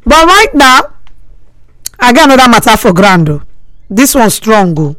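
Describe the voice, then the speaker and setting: A woman with a Nigerian Pidgin accent, hosting a talk show and retelling a listener's story in a lively voice with drawn-out emphasis. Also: on the high side, no echo, rough recording. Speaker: radio talk host.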